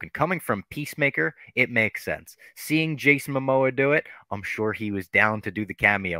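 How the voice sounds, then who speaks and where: A man hosting a podcast, retelling a TV episode in a loose, animated, profane way. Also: lowish voice, dry recording. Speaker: podcast host. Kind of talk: casual podcast recap.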